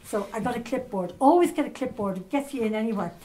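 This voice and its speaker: Older Irish woman telling lively anecdotes. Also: on the high side, fast talker, rough recording. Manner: lively anecdotal, with fillers and asides. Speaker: journalist speaker. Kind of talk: storytelling talk to a live audience. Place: conference hall at a castle hotel.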